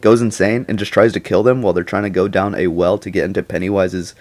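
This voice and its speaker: A man's voice: deep voice, steady tone, quick pace, darkish tone. Slangy young man rambling about a movie. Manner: slangy, rambling, laughs often. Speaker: YouTuber. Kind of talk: casual movie reaction commentary.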